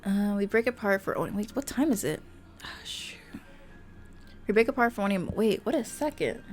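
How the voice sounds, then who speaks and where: A woman streamer reading a romance game aloud, animated and playful, often breaking off to joke with her viewers. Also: mid-range voice, fast, a little hiss or hum. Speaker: VTuber streamer.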